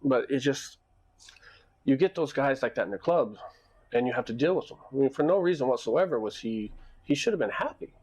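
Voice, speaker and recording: A man's voice: medium pitch, fairly quick, slightly rough. A man who runs a nightclub, telling stories from work in a rambling, casual way, with restarts and long asides. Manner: animated when reenacting arguments. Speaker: nightclub owner. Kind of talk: casual storytelling vlog.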